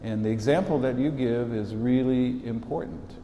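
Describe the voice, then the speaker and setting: A man's voice: medium pitch, normal speed, muffled recording, slight background noise. Folksy bishop in his sixties, echoey hall. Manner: folksy storytelling, warm asides. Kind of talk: informal address to students. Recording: echoey hall, long reverb, faint ambience.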